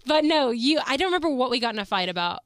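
A woman's voice: sits high, lively intonation, racing, heavy background noise. A young woman hosting a podcast, chatting casually with her mother in a playful, teasing way and laughing often. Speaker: podcast host. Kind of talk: casual chat.

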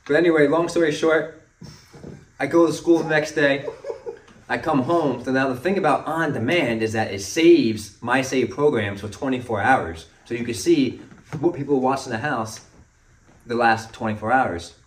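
A man's voice: medium pitch, moderate pace, slight background noise. A young man co-hosting a podcast, telling rambling, profane stories and laughing as he goes. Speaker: podcast co-host. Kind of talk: casual chat, storytelling. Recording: roomy sound, a bit far from the mic.

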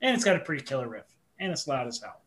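Man, podcast co-host, bright forward voice, enthusiastic. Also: mid-range voice, big pitch swings, very fast, slight background noise. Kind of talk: casual chat.

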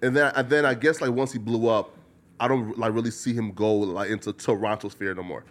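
A man's voice: fairly low pitch, steady tone, fairly quick. Rambling man hosting a chat. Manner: rambling, heavy use of filler words. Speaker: podcast host. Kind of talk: casual interview chat.

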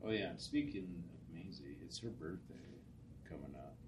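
Deep-voiced man rambling off-mic. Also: moderate pace, far from the mic. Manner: rambling profane anecdotes. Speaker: podcast co-host. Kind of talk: casual chat. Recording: noisy, off-mic.

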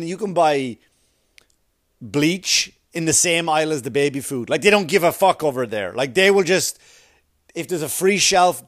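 A man's voice: a little high, no echo, clean studio sound. A man doing a rambling, profane stand-up comedy routine full of conversational asides.

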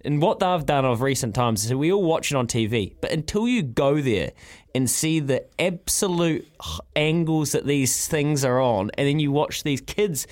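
Chatty New Zealand radio host. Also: male voice, fairly high pitch, lively intonation, normal speed. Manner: enthusiastic, chatty, restarts phrases. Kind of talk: breakfast radio talk.

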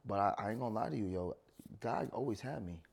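A man's voice: on the low side, expressive, fast, vocal fry, darkish tone, husky. A man in his thirties, a guest in casual conversation, telling candid personal stories in an earnest way.

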